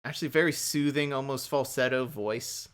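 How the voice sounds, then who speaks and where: A man's voice: medium pitch, moderate pace, fairly bright tone, clear, resonant tone. A man playing a tabletop game, describing his character's actions in a rambling, casual way. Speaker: player.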